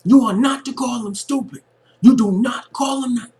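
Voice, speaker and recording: A man voicing an angry grown man who is defending his friend and throwing a woman out. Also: normal speed. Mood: furious. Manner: shouting commands, high and loud.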